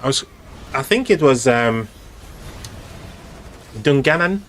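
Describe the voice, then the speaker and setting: A man's voice: medium pitch, expressive, slow, a bit bright, slight background noise. Chatty male live-streamer talking to chat. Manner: chatty, rambling, talks directly to chat with many fillers. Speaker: live-stream host spectating a strategy game. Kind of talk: casual live-stream commentary.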